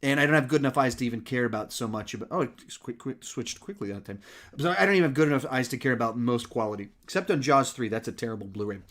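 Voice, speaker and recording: Male streamer host, relaxed chat, winded, lots of ums and restarts. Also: mid-range voice, quick pace. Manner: rambling, many fillers and restarts. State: slightly out of breath. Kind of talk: casual live-stream Q&A.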